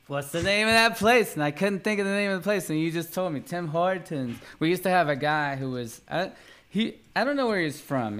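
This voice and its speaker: An American man hosting a relaxed podcast, his voice sitting a little high for a man. He jokes around and laughs often in loose, casual conversation. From United States.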